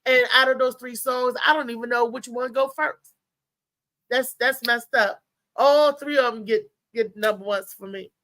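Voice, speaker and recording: A woman from Maryland hosting a live show, telling a story in a chatty, animated way and talking straight to her listeners. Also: fairly high pitch, normal speed, no room sound. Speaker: show host.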